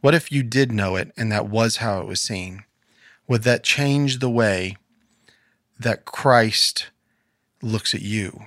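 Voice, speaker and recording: A man's voice: lowish voice, slow pace, long pauses, fairly bright tone, no room sound, studio quality. A man co-hosting a casual faith podcast, talking earnestly and quoting scripture in a preacherly way. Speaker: podcast co-host. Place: podcast studio.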